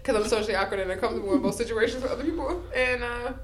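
A woman's voice: a little high, racing, roomy sound, slight background noise. A woman co-hosting a casual chat podcast, telling rambling, self-deprecating stories full of "like". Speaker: podcast co-host.

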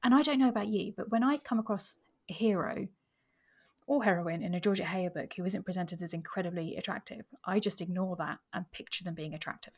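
A woman's voice: fairly low pitch, fairly quick, husky. A woman co-hosting a podcast in casual, playful chat about a novel. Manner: chatty and playful. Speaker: podcast co-host.

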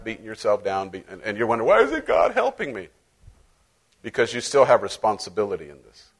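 A middle-aged male pastor preaching a sermon in a conversational, playful way, acting out little voices as he goes. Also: fairly high pitch.

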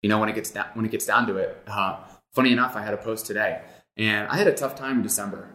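A man speaks reflectively on a casual podcast, drawing on his own life, with fillers along the way. His voice is on the low side. The room around him is echoey. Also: quick pace, bright, forceful tone. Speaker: podcast co-host.

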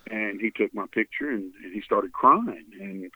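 A man's voice: fairly low pitch, normal speed, breathy edge, dry recording. A man with a Texan accent, a guest on a radio interview, telling a story earnestly and voicing the people in it with feeling. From Texas. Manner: earnest storyteller, voices his quotes with feeling. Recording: dry, tinny phone line.

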